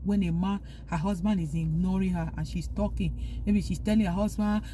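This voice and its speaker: A woman's voice: lowish voice, fairly even intonation, moderate pace, dark tone, a little hiss or hum. A woman vlogger talking earnestly, giving heartfelt advice and repeating her points for emphasis. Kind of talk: casual opinion monologue.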